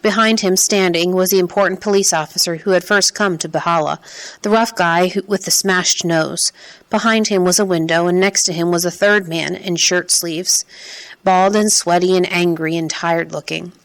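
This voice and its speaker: A woman reading a first-person story aloud in a measured, steady way. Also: fairly low pitch. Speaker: audiobook narrator. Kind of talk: first-person scripted narration.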